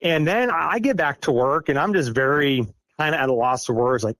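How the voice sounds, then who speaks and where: A man's voice: a little high, fairly quick, fairly bright tone, no echo. A middle-aged man from Iowa, a podcast guest telling a personal story casually, rambling and self-deprecating with many fillers. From Iowa, United States. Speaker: guest recounting an encounter.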